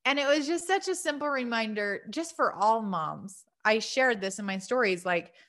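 A woman's voice: on the high side, expressive, moderate pace, fairly bright tone. A woman in her thirties, a mom talking to listeners in an earnest, chatty monologue with many fillers. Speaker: mom podcaster. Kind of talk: casual heartfelt monologue.

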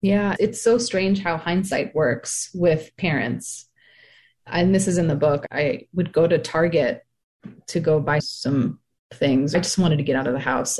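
A woman in her thirties, a podcast guest speaking frankly about motherhood, animated when she quotes other people. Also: deep voice. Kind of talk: candid personal storytelling.

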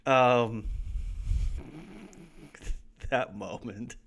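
A man's voice: medium pitch, sing-song, very slow, vocal fry, a bit bright, breathy edge. A man co-hosting a casual rewatch podcast, rambling and laughing as he retells scenes. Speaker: podcast co-host.

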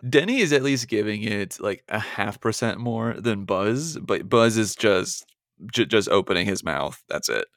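A male podcast guest speaking casually with dry asides. His voice is low and heavily gravelly. The sound is dry, with no room echo. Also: animated, normal speed, fairly bright tone.

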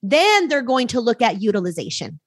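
A woman with a slightly high voice co-hosts a casual podcast. She explains things in a chatty, easygoing way and drops in quick interjections. The sound is dry and close. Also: big pitch swings, no room sound. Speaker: podcast co-host.

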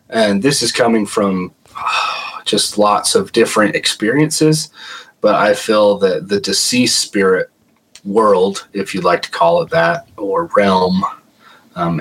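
A man's voice: fairly low pitch, a bit bright, breathy edge, rough recording. A man, a paranormal investigator, casually telling a story as a podcast guest and saying "like" a lot. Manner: chatty, heavy use of "like".

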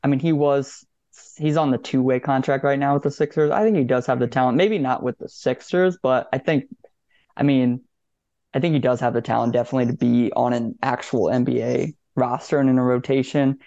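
A man talks sports in an easygoing, measured way, agreeing and hedging his points. His voice is mellow and warm, and the recording is dull and a bit lo-fi, dry with no room echo. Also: mid-range voice, steady tone. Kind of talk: casual sports chat.

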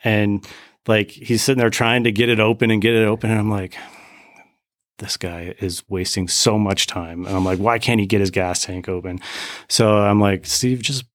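A man's voice: lowish voice, fairly quick, no echo, studio quality. A man telling a long personal story in casual chat, acting out the quotes of the people in it. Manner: animated storyteller, acts out quotes. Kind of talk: casual faith podcast chat.

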